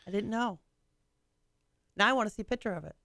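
A woman's voice: medium pitch, a bit bright, no room sound, clean studio sound. A woman co-hosting a live talk show in casual chat, chiming in with short, chatty remarks. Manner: chatty, quick to laugh and chime in with short remarks. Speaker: co-host.

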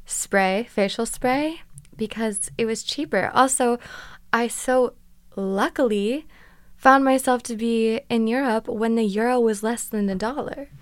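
Young woman, chatty storyteller, smooth clear voice, dry close sound. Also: on the high side, no room sound. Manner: chatty, dramatic retelling with quick asides. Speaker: vlogger. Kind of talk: casual storytelling vlog.

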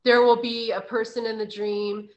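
A woman's voice: a little high, level tone, moderate pace, muffled recording. A young woman hosting a podcast, chatting casually, laughing often and swearing now and then. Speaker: podcast host. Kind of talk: casual chat.

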